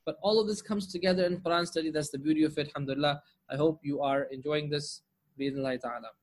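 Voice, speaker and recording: A man with a fairly high voice teaches Arabic grammar online. He explains patiently and keeps asking his class rhetorical questions. He recites Quranic verses fluently between his English explanations. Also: fairly even intonation, fast. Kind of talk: online lesson with shared screen.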